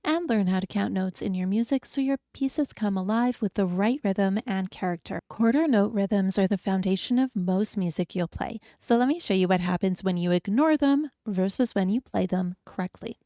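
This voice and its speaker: A woman piano teacher giving a beginner lesson, encouraging and explaining each step clearly. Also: medium pitch, moderate pace, few pauses, mellow, no echo, clean studio sound. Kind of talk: friendly beginner music lesson.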